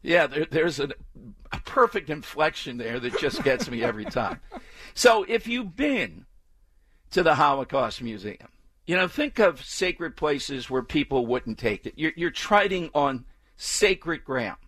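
A man's voice: fairly high pitch, sing-song, a little slow, fairly bright tone. A man hosting a talk radio show, delivering an emphatic, opinionated monologue full of repetition. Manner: emphatic, repetitive, mocking chants with exaggerated inflection.

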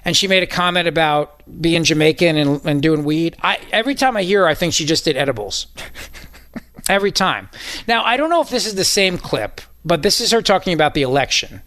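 Mocking talk radio host, high voice. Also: male voice, lively intonation, brisk, a bit bright, no echo. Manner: mocking, incredulous, playfully combative.

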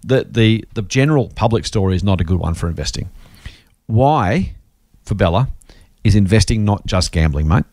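A man's voice: on the low side, animated, normal speed, a little mellow, dry recording. A man hosting an investing podcast, joking as he reads listener mail aloud. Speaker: podcast host. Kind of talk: casual podcast chat.

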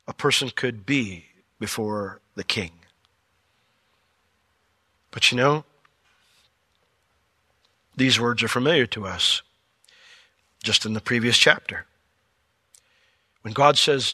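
Lively pastor preaching with playful asides. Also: male voice, medium pitch, no echo, studio quality. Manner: animated storytelling with playful asides. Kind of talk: sermon.

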